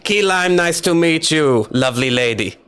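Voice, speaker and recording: A man playing a friendly, cheerful male dragonborn who greets an old friend warmly. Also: a little high, expressive, normal speed, smooth. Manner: friendly, attempted Mexican accent.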